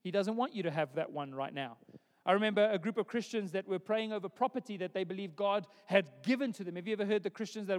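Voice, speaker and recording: A man's voice: high voice, quick pace, in a large hall. A pastor preaching a sermon in a conversational way, repeating words as he builds each point.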